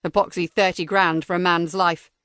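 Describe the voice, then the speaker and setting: A woman's voice: on the low side, moderate pace, clear, resonant tone, no echo, voice pushed down, lightly acted. A woman reading an audiobook voicing a cold interrogator with a disguised robotic voice. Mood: menacing. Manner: cold, flat, threatening.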